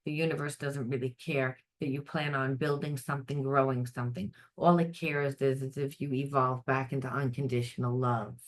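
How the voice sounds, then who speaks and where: Blunt, low-voiced woman giving a reading. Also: moderate pace, few pauses. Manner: blunt and animated, swears freely, acts out quoted voices. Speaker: psychic tarot reader. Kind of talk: unscripted spiritual reading.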